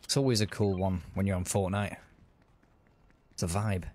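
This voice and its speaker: A man's voice: low-pitched, steady tone, moderate pace, darkish tone. A man giving casual, upbeat commentary while streaming a game. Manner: chatty, upbeat, self-narrating. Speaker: gaming streamer.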